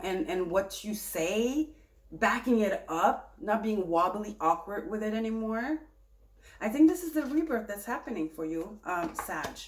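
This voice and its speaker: A woman giving a tarot reading in a chatty, animated, self-correcting way. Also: medium pitch, roomy sound. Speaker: tarot reader.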